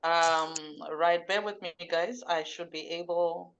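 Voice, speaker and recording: A woman hosting an online interview, playful and quick to laugh, heard over a video call. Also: on the low side, steady tone, fairly bright tone. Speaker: host. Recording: dull lo-fi video call audio.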